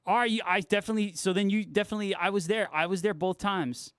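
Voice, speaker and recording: A man's voice: sits high, fairly even intonation, fast, a bit bright, clear, resonant tone, dry recording, clean studio sound. A young man hosting a guitar livestream, chatting casually with viewers, laid-back and swearing freely. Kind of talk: casual chat reading viewer comments.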